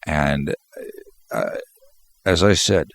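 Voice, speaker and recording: Low gravelly congested man. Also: animated, drawn-out words, fairly bright tone. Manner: rambling, repeats words and restarts. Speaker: basketball video commentator. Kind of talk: solo post-game commentary.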